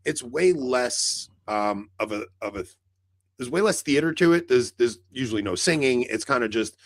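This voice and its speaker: A man's voice: mid-range voice, lively intonation, moderate pace, dry recording. A man co-hosting a podcast in casual chat, telling a long rambling story full of "like" fillers and acted-out dialogue. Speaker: podcast co-host.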